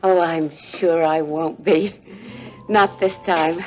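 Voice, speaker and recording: A woman's voice: sits low, fairly even intonation, slow pace, a little mellow, faint music behind. An actress playing an earnest, determined young woman who is leaving her marriage to chase love, in 1980s TV soap acting.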